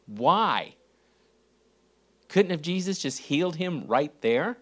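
A man preaching a sermon, reading scripture verses and asking rhetorical questions, with big dramatic swings in pitch and volume. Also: very animated, slow, fairly bright tone. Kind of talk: sermon teaching.

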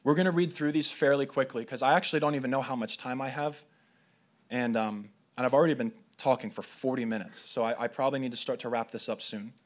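A man's voice: mid-range voice, fairly even intonation, quick pace. A man preaching a sermon to a gathering, reading scripture aloud and sometimes stumbling over his words before trying again. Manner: reads scripture aloud, with slips and restarts.

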